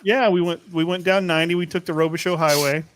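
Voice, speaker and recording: A man's voice: on the high side, fairly even intonation, quick pace, a bit bright. A man from Louisiana hosting a podcast, rambling through stories and laughing often in casual chat. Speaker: podcast host.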